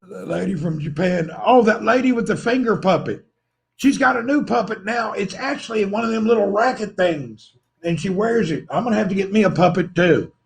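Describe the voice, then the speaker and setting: A man's voice: high voice, expressive, normal speed, creaky. A man hosting a livestream, rambling playfully and teasing his viewers, laughing often. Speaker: livestream host. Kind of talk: rambling joking livestream chat.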